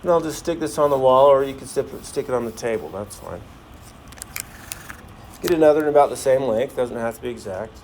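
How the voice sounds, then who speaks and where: A mid-range male voice, brisk, with a slight hiss or hum, belongs to a science teacher who runs a classroom demonstration, joking around and asking his students lots of questions.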